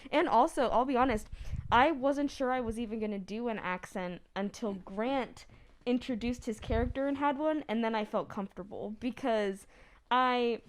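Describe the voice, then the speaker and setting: Woman cast member, casual and chatty, smooth clear voice. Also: on the high side, moderate pace. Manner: chatty, self-conscious storytelling. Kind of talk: casual chat.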